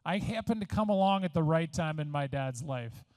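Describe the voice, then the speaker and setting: A man's voice: fairly high pitch, animated, moderate pace, darkish tone, dry recording. A man in his fifties from Missouri giving a conversational, self-deprecating award acceptance speech at a podium microphone. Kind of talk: after-dinner acceptance speech. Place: resort event room.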